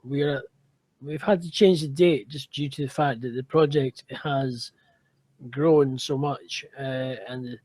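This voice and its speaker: A man, a podcast guest, answering in a halting, hesitant way. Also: medium pitch, steady tone, darkish tone, no room sound. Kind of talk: casual podcast chat.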